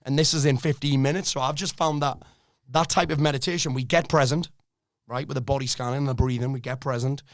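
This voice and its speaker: A middle-aged man, a life coach on a podcast, talking in a blunt, energetic way and swearing freely. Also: medium pitch, fast, dry recording, clean studio sound. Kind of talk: casual podcast conversation.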